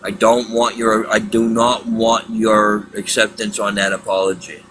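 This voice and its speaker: Male livestream host, bright forceful voice, stumbles and repeats himself, faint hiss behind. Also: on the low side, level tone, low-quality recording. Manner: halting, repeats words, exasperated then apologetic. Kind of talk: casual livestream talk.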